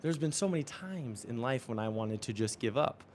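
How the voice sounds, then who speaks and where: A man's voice: medium pitch, lively intonation, moderate pace, a little mellow, slight background noise. A man exercising during a live-streamed motivational talk, earnest and affirming, often chuckling. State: exercising while talking. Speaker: spiritual coach.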